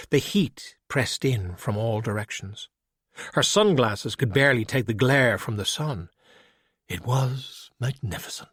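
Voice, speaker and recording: A man narrating an audiobook with steady, even storytelling. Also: mid-range voice, slightly rough, dry recording, clean studio sound.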